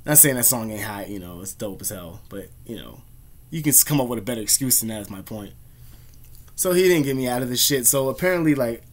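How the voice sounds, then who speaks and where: A young man vlogging, telling casual, slangy, profanity-heavy stories in a laid-back way. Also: mid-range voice. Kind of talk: casual storytelling.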